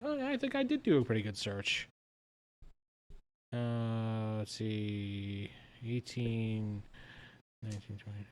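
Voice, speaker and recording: A man's voice: lowish voice, expressive, slow pace, pauses often. A man playing a noble in a tabletop game, chatting playfully and sometimes putting on an accent. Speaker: player.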